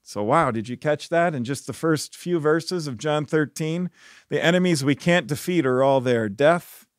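A man teaching a short devotional Bible lesson on a podcast, earnest and reflective, with soft laughs and small restarts. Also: on the high side, moderate pace, no echo, clean studio sound.

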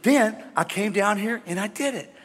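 Male pastor, high voice, animated preaching, call-and-response, long hall reverb. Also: moderate pace. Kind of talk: sermon. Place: large church hall with congregation.

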